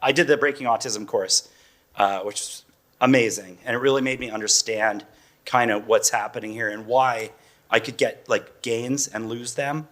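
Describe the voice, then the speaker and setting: A man's voice: medium pitch, moderate pace, fairly bright tone. A man in his forties, a parent guest on a panel, talking in a chatty, loose way and laughing often. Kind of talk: casual panel talk.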